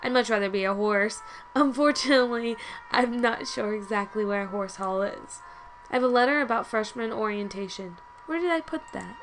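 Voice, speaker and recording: A woman's voice: medium pitch, moderate pace, a bit bright, slight background noise, poor audio. A woman reading a story game aloud with chatty asides, often stumbling and correcting herself. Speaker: let's play host.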